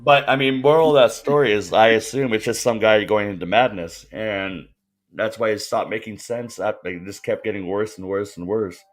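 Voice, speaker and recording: A man's voice: lowish voice, steady tone, normal speed. A man chatting casually, flustered and swearing a lot. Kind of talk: casual chat.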